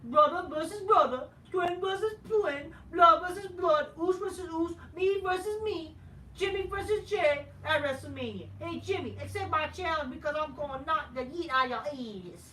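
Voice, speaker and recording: Guy putting on a loud brash wrestler voice way up high, yelling trash talk, roomy far-off sound. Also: moderate pace, a little hiss or hum. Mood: hyped. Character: brash hyped-up male wrestler calling out his twin. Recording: roomy, from a distance.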